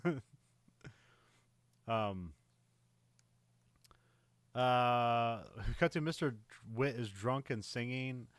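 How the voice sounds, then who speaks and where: A man's voice: mid-range voice, lively intonation, very slow, long pauses, smooth, dry recording. A man casually recapping a war film on a podcast, rambling with lots of "like" and frequent laughs. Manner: rambling, many fillers and laughs. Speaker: podcast co-host. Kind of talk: casual movie recap chat.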